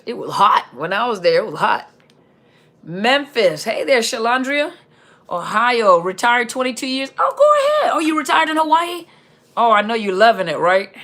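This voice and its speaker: A woman hosting a live Q&A stream, chatting casually and reading out viewer comments in an upbeat, chatty way. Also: a bit bright. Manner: upbeat, chatty, reads out viewer comments with quick pitch jumps.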